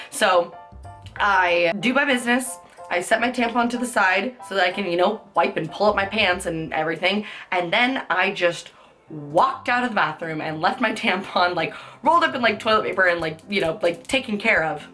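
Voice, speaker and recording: Her voice is fairly low, bright, and forceful. The young adult woman, a beauty vlogger, chats casually through embarrassing stories, often laughing, swearing freely, and using "like" as a constant filler.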